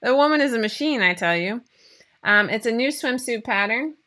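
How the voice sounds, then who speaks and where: A woman's voice: fairly high pitch, lively intonation, moderate pace, sharp tone. A woman, hosting a casual live-stream chat in a bubbly, rambling way with many fillers. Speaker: host of a sewing pattern company show.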